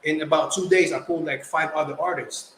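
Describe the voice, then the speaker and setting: A young man from the Philippines, a guest artist telling stories in casual chat, animated and slangy. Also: on the high side, a little fast. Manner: animated, slangy, acts out quotes. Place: podcast studio. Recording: roomy echo, faint background noise.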